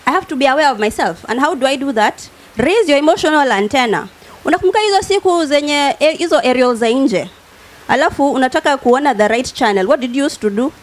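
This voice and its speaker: Kenyan woman, TV guest expert, higher voice, teacherly and demonstrative, studio setting. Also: expressive, fast talker. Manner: teacherly, acts out everyday examples, mixes English and Swahili. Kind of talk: TV talk show explanation.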